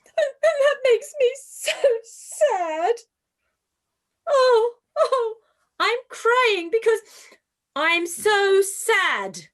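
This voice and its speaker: A woman's voice: high-pitched, very animated, slow pace, pauses often, full character voice. A woman playing a self-pitying Cinderella in an amateur pantomime, whining and sighing melodramatically. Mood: sobbing.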